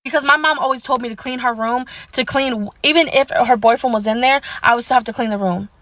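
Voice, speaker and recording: A woman telling a personal story in a casual, candid storytime, blunt and animated, sometimes swearing. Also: fairly high pitch, fairly quick. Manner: animated, indignant retelling.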